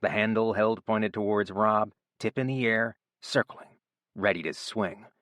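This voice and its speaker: A man narrating an audiobook in a steady, even storytelling voice. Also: fairly low pitch, measured pace, no room sound. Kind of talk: scripted narration.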